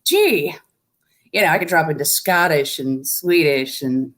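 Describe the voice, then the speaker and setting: A woman's voice: low voice, moderate pace, a bit bright. A middle-aged woman, an actor guest in a casual interview, talking with dry, wry humor.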